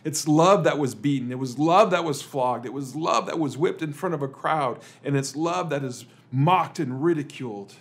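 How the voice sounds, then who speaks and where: A man, a pastor, delivering a dramatic sermon full of rhetorical questions, swinging between emphatic lines and hushed ones. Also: fairly high pitch, normal speed, hardly any pauses. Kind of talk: dramatic Good Friday sermon.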